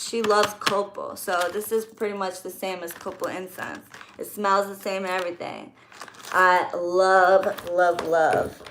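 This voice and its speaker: A woman's voice: medium pitch, low-quality recording. A woman who does readings for clients, chatting casually and gushing in a vlog as she unboxes gifts. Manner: chatty, gushing, squeals when excited. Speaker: spiritual reader for clients. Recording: crinkling packaging noise.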